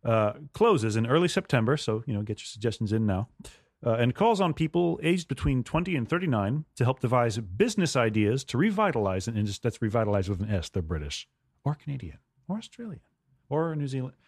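A man's voice: mid-range voice, big pitch swings, fairly quick, darkish tone, no echo, clean studio sound. A man co-hosting a comedy podcast, reading a news story aloud and breaking off for wry jokes. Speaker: podcast co-host.

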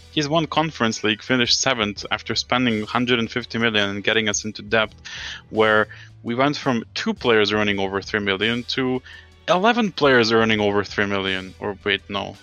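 A man's voice: on the low side, bright, forceful tone. A man co-hosting a casual football podcast, ranting in an exasperated way and swearing often. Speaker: podcast co-host.

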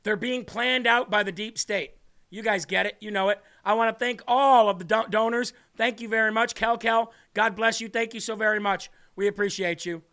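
Fired-up high-voiced male show host. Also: steady tone, moderate pace, bright, forceful tone. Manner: combative, ranting, emphatic. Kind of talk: heated political commentary livestream.

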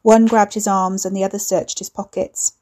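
A woman reading a story aloud in measured, wry scripted narration. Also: medium pitch, little pitch movement, dark tone.

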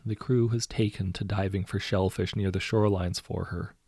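A man softly narrating a story from a writing prompt in a hushed voice. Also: deep voice, steady tone, normal speed, slightly rough, dry recording, studio quality.

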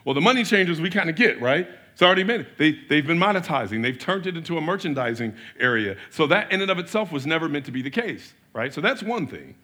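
A pastor preaching a sermon in an animated way, asking rhetorical questions and swinging between loud and soft. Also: male voice, on the high side, fast, hardly any pauses.

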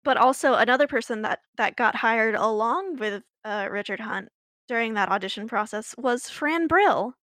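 A woman's voice: fairly high pitch, moderate pace, fairly bright tone, no room sound, clean studio sound. A woman co-hosting a podcast, telling a story in a chatty, laughing way with many fillers and restarts. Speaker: podcast co-host. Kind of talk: casual chat, storytelling.

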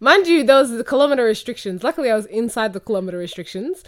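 A young woman co-hosting a casual podcast, telling stories in an animated way, acting out quotes and laughing often. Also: a little high, racing. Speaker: podcast co-host. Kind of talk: casual chat between best friends.

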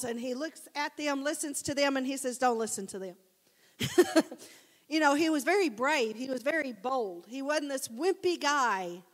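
A woman preacher giving a casual, animated sermon, telling the story conversationally and addressing the congregation as guys. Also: high-pitched. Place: church sanctuary. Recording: long church hall reverb.

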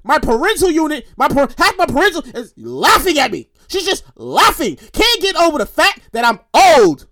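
Woman, 30s, solo podcast host, lively and foul-mouthed, repeats herself for punch, dry close sound. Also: high-pitched, normal speed, hardly any pauses, no room sound. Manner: animated and profane, repeats phrases for emphasis. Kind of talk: casual solo podcast monologue.

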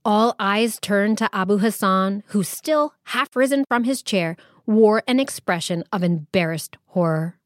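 A woman storyteller reading a scripted children's story aloud in a lively, expressive way. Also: medium pitch, a little slow, few pauses, no room sound, clean studio sound.

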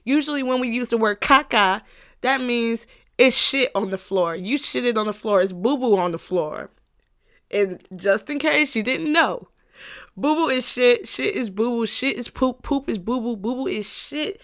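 A woman's voice: on the high side, unhurried, a bit bright. A woman hosting a casual solo podcast monologue, emphatic and repetitive, swearing freely and laughing often. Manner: emphatic and repetitive, with frequent profanity; playful, breaks into laughter. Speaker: podcast host.

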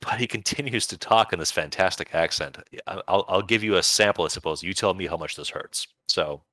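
A male podcast co-host with a low, bright, forceful voice talks fairly quickly, with no room sound. He chats casually and enthusiastically about video games, rambling along with bursts of playful emphasis.

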